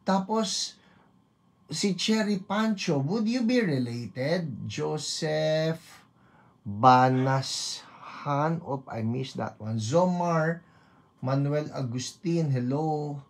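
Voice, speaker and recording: A woman's voice: low-pitched, animated, slow pace. A woman with a Filipino accent hosting an online church program. She reads out viewers' greetings in a chatty, playful way, mixing English and Tagalog and trying out foreign greetings. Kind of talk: reading out viewer greetings, Taglish chat.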